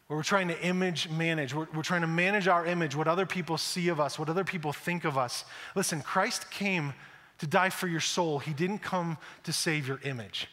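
A man's voice: fairly high pitch, pushed and bright. A male pastor preaching a conversational sermon, acting out quotes and often repeating words. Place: church sanctuary. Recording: echoey church hall.

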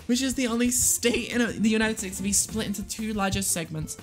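An excitable streamer chatting through a game, quick to laugh and swear. Faint music plays under the voice. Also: mid-range voice. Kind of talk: live game streaming chat.

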